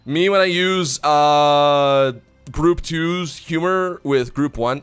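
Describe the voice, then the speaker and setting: A young man chats on a live stream, ranting and swearing as he tells stories. His pitch sits a little high and swings widely. Faint music plays under him. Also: takes it slowly, smooth. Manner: profane, ranting, animated storytelling. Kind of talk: casual live-stream chat.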